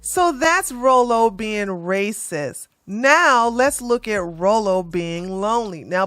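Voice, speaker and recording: A woman's voice: medium pitch, fairly bright tone, dry recording. A woman hosting a comedic commentary video, reading tweets aloud and answering them in a blunt, mocking way. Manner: blunt, mocking, talks straight back at the person she covers. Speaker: commentary channel host.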